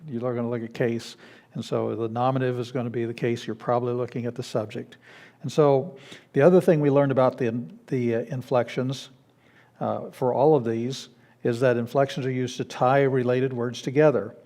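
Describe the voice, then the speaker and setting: A man with a mellow, warm voice lectures a beginners' Greek class in a church classroom. He explains patiently, often restarting his sentences and filling pauses as he goes. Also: medium pitch, steady tone. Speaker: Greek teacher.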